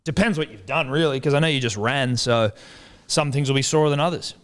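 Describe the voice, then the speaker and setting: A man's voice: mid-range voice, fairly quick, fairly bright tone. A man, co-hosting a podcast in laid-back, swearing banter. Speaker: podcast co-host. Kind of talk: casual podcast chat.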